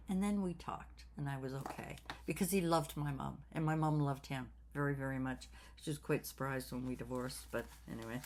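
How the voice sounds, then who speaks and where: A woman in her sixties talking slowly and reflectively in a personal vlog, with many fillers and repeated words. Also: a bass voice, steady tone, darkish tone. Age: 60s. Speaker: craft channel host.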